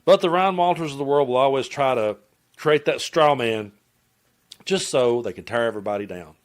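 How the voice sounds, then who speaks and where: A man's voice: mid-range voice, lively intonation, normal speed. Brief: middle-aged Appalachian man, blunt, rambling, profane political vlogger. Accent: Southern US, Appalachian. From Tennessee, US. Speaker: political commentator. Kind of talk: casual political commentary vlog.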